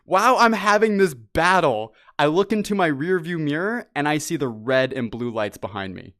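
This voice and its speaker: A man's voice: a little high, normal speed, dry recording, studio quality. A young man, a podcast host, telling a story in casual chat and acting out the voices of the people in it. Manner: animated, acts out voices in his stories.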